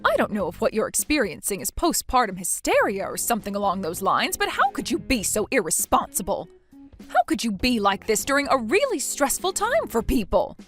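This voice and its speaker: An indignant mother-in-law , as a woman reads her part scolds with accusing, rising outbursts. Her fairly high voice swings widely in pitch. Faint music sits behind the text message story. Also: wildly swooping pitch, a little fast, fairly bright tone. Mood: scolding.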